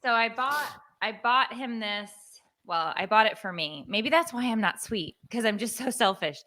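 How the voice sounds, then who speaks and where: Bright-voiced woman podcast co-host. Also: fairly high pitch, moderate pace. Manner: animated, laughs easily. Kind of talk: casual chat.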